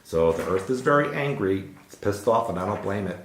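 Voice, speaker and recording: Host: man, lowish voice, lively swings in pitch, chatty and jokey, echoey room. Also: brisk, a little hiss or hum. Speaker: show host. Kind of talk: casual news chat.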